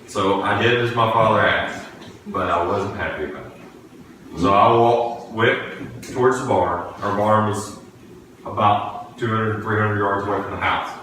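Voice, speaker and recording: A man delivers a sermon, weaving in a childhood story with earnest, halting restarts. His low voice has a bright, forceful edge. He sounds set back from the microphone in a very echoey church room. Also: slight background noise. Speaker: preacher. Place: church sanctuary. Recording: echoey room, distant from the mic.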